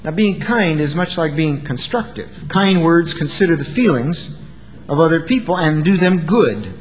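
A man preaches in an earnest, animated way, his pitch sitting a little high and swinging widely between lines. He acts out the quoted lines himself. The long reverb of a hall trails after his words, over faint ambience. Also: normal speed, slight background noise. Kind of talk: sermon.

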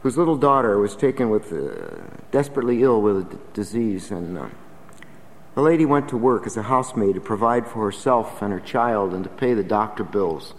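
A man's voice: lowish voice, big pitch swings, brisk, in a large hall. A man preaching a sermon in an earnest, emphatic, exhorting manner.

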